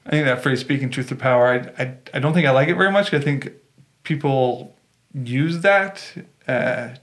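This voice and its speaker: A man co-hosting a casual Bible discussion podcast, talking in an easygoing, halting way with many "likes" and restarts. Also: mid-range voice, a bit bright. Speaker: podcast co-host.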